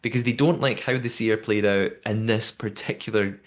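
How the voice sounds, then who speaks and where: Male co-host, lower register, chatty and self-correcting, casual podcast talk. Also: fairly even intonation, moderate pace. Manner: chatty, often restarts and repeats words; reads listener messages aloud.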